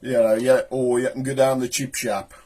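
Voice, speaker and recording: A man's voice: medium pitch, flat delivery, normal speed, warm tone. Rambling Black Country man. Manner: joking, rambling, explains local slang. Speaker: host. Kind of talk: casual vlog chat.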